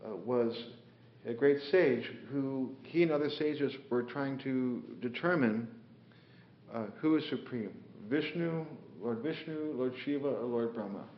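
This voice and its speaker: A man's voice: medium pitch, measured pace, slight background noise. A man teaching a scripture class, telling stories unhurriedly with many fillers and voicing the figures in them. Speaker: spiritual teacher. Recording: echoey room, dull lo-fi sound.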